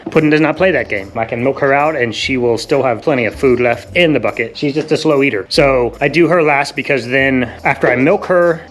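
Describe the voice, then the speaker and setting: Chatty man talking to goats. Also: medium pitch. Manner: chatty, affectionate with the animals, laughs easily. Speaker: goat farmer and channel host. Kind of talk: casual farm vlog.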